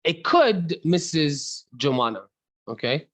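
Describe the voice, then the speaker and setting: Teaching online, an Egyptian-accented man talks chattily, addresses students by name, and slips from English into Arabic within sentences. He speaks slowly on the high side, with big swings in pitch and a fairly bright tone. The audio is poor and has no room sound.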